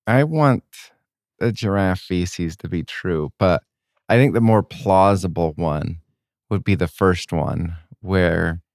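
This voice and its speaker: A man's voice: deep voice, darkish tone, no room sound, clean studio sound. A man co-hosting a casual podcast, thinking aloud with hesitant restarts. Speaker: podcast co-host. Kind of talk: casual chat.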